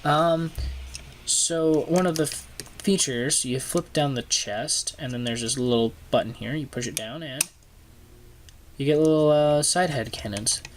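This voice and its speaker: A young man reviewing a toy at his desk in a casual, halting way, with frequent ums and uhs, filmed on the camera's own microphone. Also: on the high side, a little hiss or hum. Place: home desk filming a toy close up.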